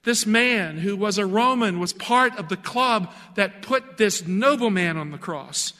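A man's voice: high-pitched, a little slow, sharp tone, long reverb tail. A man preaching a sermon in an earnest, emphatic way, asking the listener pointed questions.

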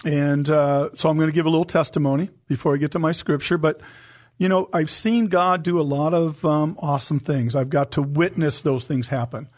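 A man's voice: fairly high pitch, steady tone, a little mellow. Earnest man giving a faith testimony. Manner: earnest, emotional, slows for emphasis. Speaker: co-host of a Christian talk show. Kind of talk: personal testimony in faith talk.

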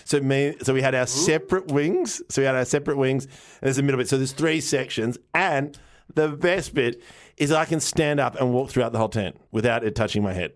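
A man's voice: mid-range voice, brisk. Rambling man telling stories. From Australia. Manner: rambling storyteller, restarts sentences, laughs often; swears casually. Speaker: podcast co-host. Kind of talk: casual chat.

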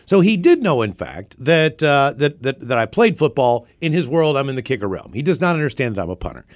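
Animated, profane man telling a story. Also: mid-range voice, brisk. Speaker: podcast co-host. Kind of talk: casual storytelling chat.

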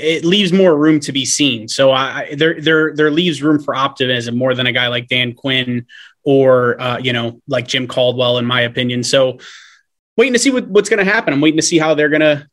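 Halting man with lots of fillers. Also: mid-range voice, fairly bright tone. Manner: halting, many fillers and restarts. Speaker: guest podcaster. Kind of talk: casual sports podcast chat.

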